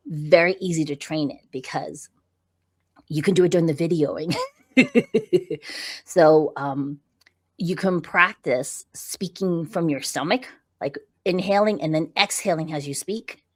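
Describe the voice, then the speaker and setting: Middle-aged woman with a low voice, lively coaching tone, keeps checking the listener follows. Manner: animated and explanatory, frequent "right?" check-ins. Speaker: podcast guest, visibility coach. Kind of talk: conversational interview.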